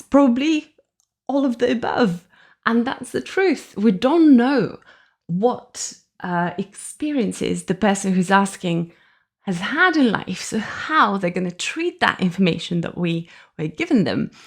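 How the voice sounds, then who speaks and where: A woman from Russia speaking English with a Russian accent, hosting a reflective solo podcast in a thoughtful way, often laughing as she explains. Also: mid-range voice. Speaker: podcast host.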